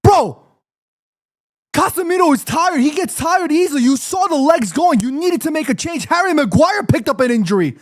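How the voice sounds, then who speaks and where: High-pitched guy ranting at his chat during a football watchalong, fired up and swearing nonstop. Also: animated, moderate pace. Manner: heated, ranting, profane, addresses chat directly. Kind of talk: live fan reaction stream.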